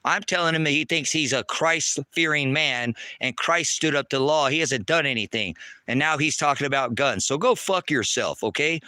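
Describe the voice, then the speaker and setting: A man ranting angrily on a livestream from outdoors at a rural homestead, taunting and cursing, often shouting. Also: a little high, moderate pace, no room sound, clean studio sound. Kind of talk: angry livestream rant.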